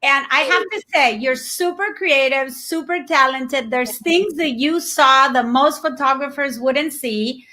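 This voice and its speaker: A woman's voice: sits high, measured pace, few pauses, sharp tone. A woman hosting a casual livestream talk show, laughing often and reading viewer comments aloud.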